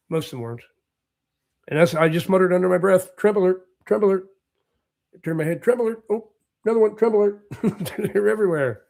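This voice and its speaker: His voice fairly high and a little mellow, a Canadian livestream host answers live comments in easygoing chat. The talk wanders, with frequent repetition and regular chuckling.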